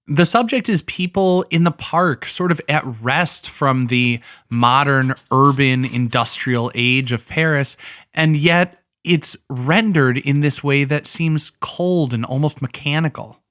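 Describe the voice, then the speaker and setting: A man explaining a painting in a relaxed, conversational way, thinking aloud with asides. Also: a little high, unhurried, dry recording, clean studio sound. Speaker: art educator. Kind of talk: casual art history explainer.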